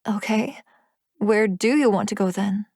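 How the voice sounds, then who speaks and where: A woman's voice: a little slow, no echo, studio quality. A woman narrator voicing an earnest young heroine in an audiobook, speaking with urgency in a raised, pleading tone. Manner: urgent, higher and louder than the narration. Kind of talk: audiobook character voice.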